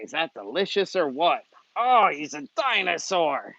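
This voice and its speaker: A young man with a fairly high voice chats loosely on a live stream, talking fondly to his animals and his viewers. The sound is dry and a little dull, as if from a small device mic. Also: very animated, a little slow, creaky, a bit bright, no echo. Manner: chatty, affectionate, talks to the animals and viewers. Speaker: zookeeper and gator wrestler streaming live. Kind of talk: casual live-stream chat.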